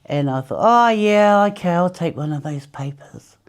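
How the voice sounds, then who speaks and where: Low-voiced chatty woman from New Zealand. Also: expressive, moderate pace. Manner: chatty, laughs often, acts out quotes in high voices. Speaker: interviewee, former smoker. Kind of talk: casual storytelling interview.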